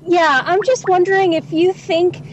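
Earnest halting woman caller. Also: extremely high pitch, steady tone, lo-fi sound, crowd noise. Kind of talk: comedic phone role-play.

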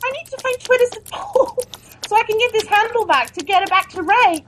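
A woman playing a clingy, desperate, high-voiced ex-employee. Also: expressive, brisk, a bit bright, a little hiss or hum, rough recording. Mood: scheming. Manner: pleading, melodramatic, says his name constantly. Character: clingy, desperate woman begging for her job back. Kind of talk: improvised comedy sketch.

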